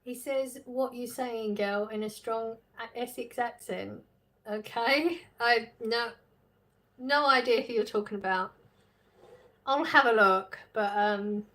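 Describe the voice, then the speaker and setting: A woman chats casually on her live stream, reading out viewer messages and reacting with frequent laughs. Her voice sits a little higher than most women's. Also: a bit bright. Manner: chatty, reads chat aloud, laughs often. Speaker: livestream host reading chat.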